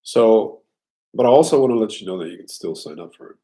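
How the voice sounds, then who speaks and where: Man, stream host, casual chat, very deep voice, frequent throat clearing. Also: animated, fast, warm tone, poor audio. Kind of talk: casual live stream talk.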